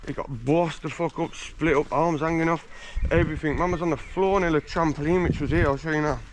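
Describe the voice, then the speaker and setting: A man's voice: a little high, fairly even intonation, a little fast, a little hiss or hum. A man from England telling boastful stories in a casual, slangy street interview, swearing freely while standing outdoors on a residential street.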